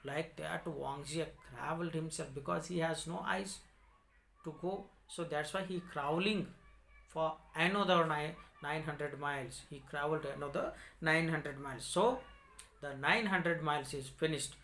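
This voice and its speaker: A man's voice: fairly high pitch, normal speed, creaky, bright, forceful tone, slight background noise. A male English teacher who explains a story lesson, repeats lines, and defines words in simple terms. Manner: repetitive, explains word meanings in simple words.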